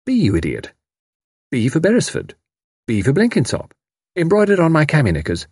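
A man's voice: on the high side, huge pitch swings, normal speed, darkish tone, breathy edge, no echo, clean studio sound, voice pushed up, exaggerated voice. Man doing a breezy, teasing young woman. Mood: playful. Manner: breezy, teasing, self-assured. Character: lively, mischievous young Englishwoman spy.

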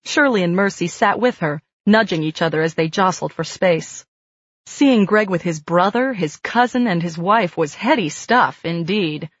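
Woman narrator, lowish voice, steady, dull dry studio sound. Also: normal speed, no room sound. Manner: calm, steady storytelling. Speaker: audiobook narrator. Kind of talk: scripted narration.

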